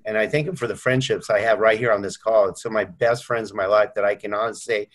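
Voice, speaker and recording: A man's voice: lowish voice, steady tone, quick pace. A middle-aged man on a video call, telling heartfelt stories about his mentor and acting out quoted voices. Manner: earnest storytelling, acts out quoted voices. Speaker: mortgage company owner. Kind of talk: video call tribute chat.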